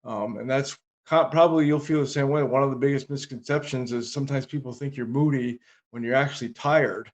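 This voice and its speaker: A man co-hosting a podcast, talking in a steady, reflective, casual way. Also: mid-range voice, fairly quick. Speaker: podcast co-host. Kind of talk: casual conversation.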